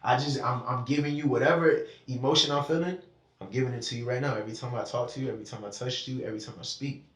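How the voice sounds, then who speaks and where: A man's voice: mid-range voice, steady tone, quick pace. A man in a casual conversation who talks emotionally and animatedly, swearing freely and speaking in bursts. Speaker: podcast conversation participant. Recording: echoey room, mic at a distance.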